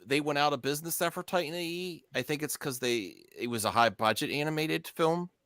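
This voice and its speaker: A man's voice: a little high, fairly quick, a bit bright, a little hiss or hum. A man on a movie panel, talkative and teasing, thinking aloud as he goes. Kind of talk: casual group chat.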